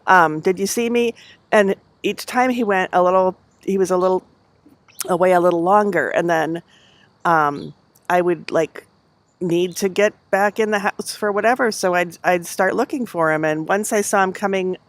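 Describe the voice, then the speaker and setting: A woman's voice: on the low side, normal speed, dry recording. A middle-aged woman hosting a casual livestream from home on a headset mic, chatty and rambling with lots of fillers. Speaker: knitting livestream host. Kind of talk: casual chat.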